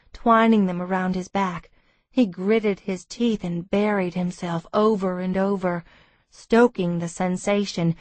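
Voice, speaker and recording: A woman reading a romance audiobook in steady, intimate first-person narration. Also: medium pitch, no room sound.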